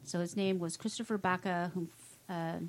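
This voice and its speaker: A woman's voice: on the low side, fairly even intonation, moderate pace. A woman co-hosting a podcast, reading out crime stories with wry, sarcastic asides in casual chat. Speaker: podcast co-host.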